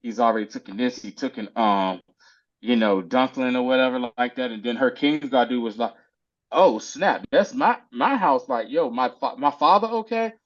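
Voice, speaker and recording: A man casually recapping a TV episode with a co-host, animated and slangy, acting out the characters' lines in quick little voices. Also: mid-range voice, highs cut off. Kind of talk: casual chat.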